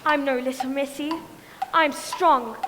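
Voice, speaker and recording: Bold young girl, high voice, proud, declaiming, school stage, echoey hall, noise. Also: fairly even intonation, measured pace. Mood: defiant.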